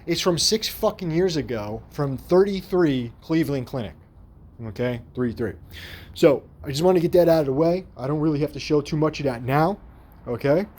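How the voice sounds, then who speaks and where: A fairly high-voiced man rants through online articles, his voice full of swearing and disbelief. He jumps between reading headlines aloud and tearing into them in rough, casual commentary. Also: animated, normal speed, a little mellow. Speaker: commentary vlogger. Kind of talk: ranting screen-share commentary.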